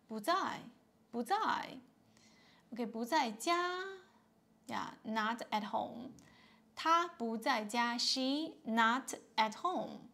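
A woman teaching a language lesson in a slow, unhurried way, with a slightly high voice that has a gravelly fry to it. She patiently repeats each word and tone, dropping in "yeah" and "okay" as she goes. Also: a bit bright. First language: Mandarin Chinese. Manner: patient, repeats words and tones many times, fills with "yeah" and "okay".

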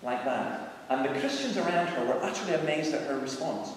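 Speaking briskly and expressively in a fairly high voice, this middle-aged man is a preacher and evangelist sharing earnest, chatty stories with a tour group visiting a big church building. The distant recording catches the hall's echo and a little hiss or hum.

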